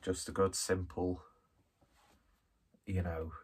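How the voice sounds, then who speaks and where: A man from Skelmersdale, in northwest England, rambles through a casual beer review with self-deprecating jokes. His voice is low, husky and slow, with little pitch movement.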